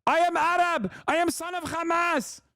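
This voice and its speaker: Casting note: a man putting on a deadpan broken-accent pundit caricature, pitched well above his own voice. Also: moderate pace, no echo, clean studio sound, heavily acted. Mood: mocking. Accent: put-on foreign accent. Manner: broken grammar, deadpan exaggeration. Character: mocking caricature of a male pundit.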